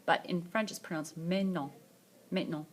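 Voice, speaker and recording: A woman with a slightly low voice teaches a French lesson in a screencast. She pronounces each word carefully and says it twice so students can copy her. Her delivery is patient and instructional. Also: steady tone, slight background noise. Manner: slow, repeats words twice for the learner. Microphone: tablet screencast.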